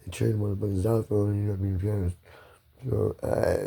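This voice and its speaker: A man's voice: fairly low pitch, fairly even intonation, normal speed, vocal fry, dark tone, a little hiss or hum. A man rambling through a solo monologue, swearing, restarting and apologizing often.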